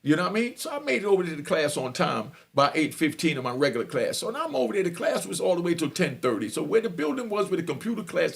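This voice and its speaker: A middle-aged man telling a story in casual, animated speech, often asking listeners if they follow. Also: fairly high pitch, gravelly. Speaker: storyteller and channel host.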